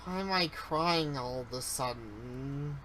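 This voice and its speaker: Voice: mid-range voice, takes it slowly, fairly bright tone, slight background noise, rough recording. A streamer giving joking, self-aware commentary while playing a horror game. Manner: jokey and self-aware, reacting to scares. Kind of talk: casual let's-play commentary.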